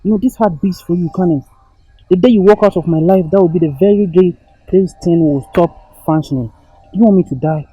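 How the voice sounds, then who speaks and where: A man's voice: sits high, fairly quick, slightly rough, dry recording, phone-quality sound, faint music behind. A man playing a desperate young boyfriend who begs his girlfriend for another chance, with a Ghanaian accent. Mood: pleading. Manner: pleading, repeats her name.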